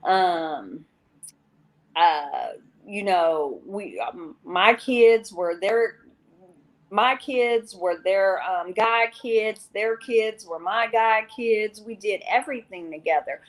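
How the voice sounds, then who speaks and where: A woman's voice: medium pitch, slow pace. A woman guest on an interview show, telling her personal recovery story in a candid, rambling way and often quoting herself.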